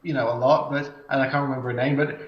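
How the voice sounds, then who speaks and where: A man's voice: medium pitch, steady tone, quick pace. Man with a roomy, muffled recording. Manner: rambling, hesitant, often restarting sentences. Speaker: podcast host. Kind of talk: casual chat. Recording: echoey, dull lo-fi sound.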